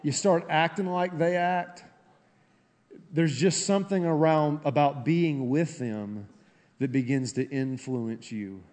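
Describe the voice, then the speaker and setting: Southern male pastor, slow deliberate sermon delivery, big reverberant sanctuary. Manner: swings from loud high preaching to low soft intensity. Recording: long hall reverb.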